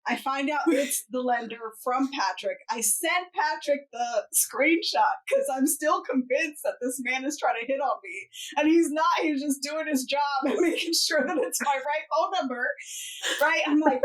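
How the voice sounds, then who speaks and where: A woman's voice: high-pitched, normal speed. A woman, a real estate broker, telling a story as a podcast guest, acting out what people said. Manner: animated storytelling, acts out quotes. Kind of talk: casual chat.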